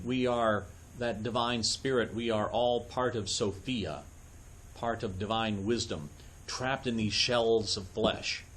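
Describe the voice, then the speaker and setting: A man's voice: medium pitch, slight background noise. A man giving a conversational Bible study lecture at a church, often checking in with his listeners and adding dry asides. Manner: loose, with frequent fillers and dry asides.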